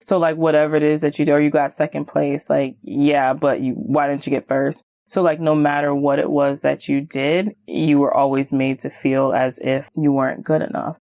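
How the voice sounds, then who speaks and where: A woman hosting a self-help podcast in a casual, animated way, often acting out what people say. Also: deep voice, moderate pace, hardly any pauses, dry recording, clean studio sound. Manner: animated, acts out quoted voices, many "like"s. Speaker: podcast host and certified hypnotist.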